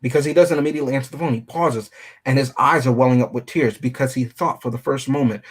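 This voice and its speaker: Guy w a husky voice hosting a movie review show, casual and analytical, keeps saying right?. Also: mid-range voice, fast talker. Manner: analytical, conversational, often checks in with "right?". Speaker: film review show host. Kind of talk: casual film review discussion.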